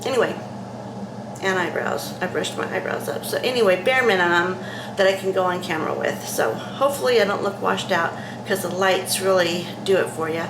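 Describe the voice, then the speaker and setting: A woman talking casually to camera in a vlog, halting, with many fillers and restarts. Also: lowish voice. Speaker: vlogger. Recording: echoey room with faint noise.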